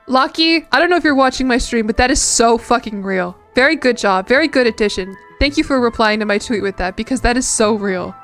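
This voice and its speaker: A woman's voice: fairly high pitch, expressive, a little fast, fairly bright tone, faint music behind. A young American woman streaming a game and chatting casually with viewers, laughing often and rambling with lots of fillers. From United States. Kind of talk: casual chat while gaming.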